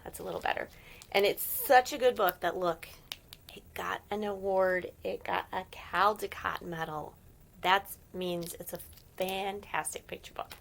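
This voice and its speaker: A woman reading a picture book aloud to children, gentle and often whispering, with playful animal sounds. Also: on the low side, steady tone, moderate pace, gravelly. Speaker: storyteller for children.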